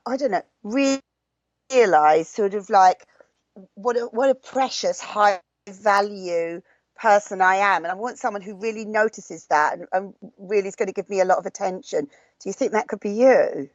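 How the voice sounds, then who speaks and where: A woman playing a tarot role-play game over a video call, speaking hesitantly with many halting restarts. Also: medium pitch, dry recording. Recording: dull lo-fi video call audio.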